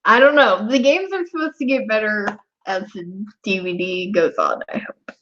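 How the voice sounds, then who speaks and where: A woman's voice: medium pitch, moderate pace, a bit bright, slight background noise. A young woman chatting casually with her viewers on a live stream, laughing often. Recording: dull lo-fi stream audio.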